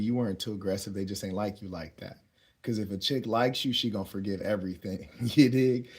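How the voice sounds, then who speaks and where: A young man telling a story as a dating advice host, relaxed and slangy, often chuckling as he talks. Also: mid-range voice. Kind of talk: casual storytelling monologue.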